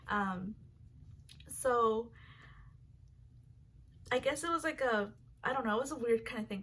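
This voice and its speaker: Young female vlogger, slightly high voice, casual rambling storytelling with filler words and cursing, faint noise in the background. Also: a bit bright.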